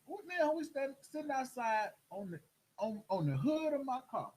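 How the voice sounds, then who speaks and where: A middle-aged man telling a story in casual chat, animated and acting out the voices of the people in it. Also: very high-pitched, normal speed, low-quality recording. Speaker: host.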